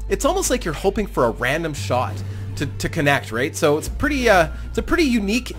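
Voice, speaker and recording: An animated man running a game tournament channel, talking casually and a little self-deprecating as he commentates. His voice sits a bit high and swings widely in pitch. Faint game music plays under his voice. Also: fairly quick. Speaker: gaming YouTuber hosting a tournament.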